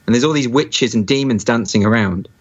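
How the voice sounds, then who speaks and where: A man in casual conversation who stops and restarts often, building his points through fillers and false starts. His voice sits at an ordinary pitch, and the sound is somewhat dull and lo-fi. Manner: halting, many restarts and fillers. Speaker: guest.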